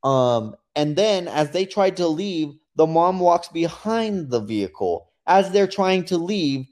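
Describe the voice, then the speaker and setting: A man with a fairly high voice recounts events in a casual podcast chat. He slips into quoted voices as he tells the story. His delivery is animated and conversational. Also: slow. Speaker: podcast co-host.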